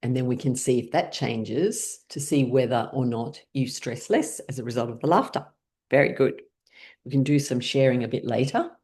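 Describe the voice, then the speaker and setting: A middle-aged woman leading a laughter yoga class, calmly and playfully guiding the group. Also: rumbling low. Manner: calm, gently guiding, playful. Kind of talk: guided class instruction.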